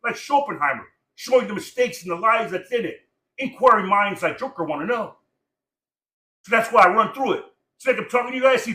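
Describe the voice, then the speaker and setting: Loud preachy man ranting in an echoey room. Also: sits high. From Samoan heritage, born in Los Angeles. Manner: profane, preachy, repetitive, rapid-fire. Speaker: podcast guest. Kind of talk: casual ranting talk.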